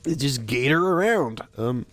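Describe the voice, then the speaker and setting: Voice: medium pitch, lively intonation, a little slow, a bit bright, soft background music. A streamer from Texas, giving playful, giggly commentary while playing a game and sounding out German ride names.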